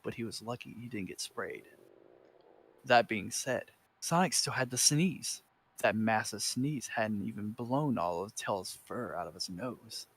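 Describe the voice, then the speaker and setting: A man's voice: on the low side, lively intonation, unhurried, a bit bright, slightly rough. A man reading fanfiction aloud for laughs, in dramatic narration with stumbles and self-corrections. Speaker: reader.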